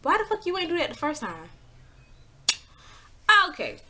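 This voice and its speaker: Swearing freely, an exasperated, animated woman recounts something that happened to her in a casual vlog. She keeps a moderate pace and performs other people's lines with jumps in pitch.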